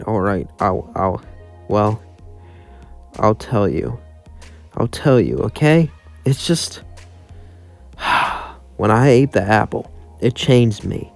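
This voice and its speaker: A man voicing a humbled former angel general turned demon, who talks in a hesitant, halting way. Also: on the low side.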